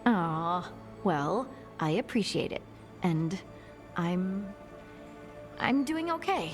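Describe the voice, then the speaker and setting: An actress playing a young woman warrior speaking reflectively, sometimes breathy. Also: on the low side, big pitch swings, slow pace, faint music behind.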